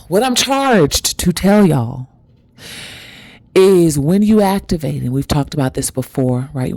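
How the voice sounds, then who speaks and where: A woman hosts a spiritual talk to her viewers, speaking intimately and conversationally. Her voice sits low for a woman. The sound is dry, with no room echo. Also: dark tone. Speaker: spiritual vlog host.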